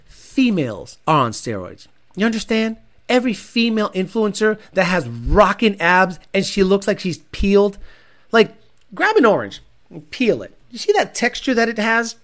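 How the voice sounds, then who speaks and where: A man hosting a livestream and reading chat, talking bluntly and profanely, often bursting into loud shouts. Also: sits high, very animated, normal speed. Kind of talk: casual ranting chat.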